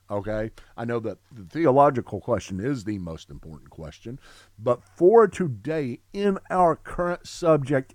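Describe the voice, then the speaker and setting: A middle-aged man teaching a theology class, talking with excitement in long run-on sentences full of restarts. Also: medium pitch, no echo, clean studio sound. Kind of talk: classroom lecture.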